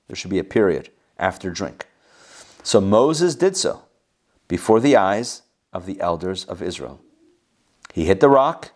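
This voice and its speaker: A man with a fairly low voice reads a scripture passage and then explains it in a relaxed, conversational way. He sometimes mimics the people in the story with a raised, exasperated tone. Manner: reads verses then explains in casual asides. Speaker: Bible teacher. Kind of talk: reading scripture with commentary.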